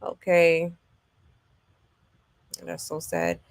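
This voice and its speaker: Woman gossip-show host, casual and chatty, slow delivery, dry close sound. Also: on the low side, completely flat delivery, vocal fry, dry recording. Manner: loose and chatty, full of "um" and "okay" check-ins; reads viewer comments aloud. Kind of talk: casual livestream commentary.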